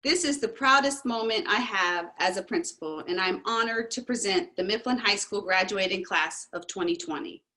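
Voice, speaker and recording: Woman, school principal, formal ceremony speech, measured, mid pitch. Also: pushed and bright, low-quality recording. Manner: measured, formal reading of figures.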